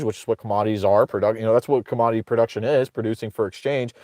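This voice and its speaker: A man's voice: mid-range voice, animated, fast, hardly any pauses, dry recording, studio quality. A man hosting casual political commentary, ranting sarcastically with profanity, rambling and restarting his sentences.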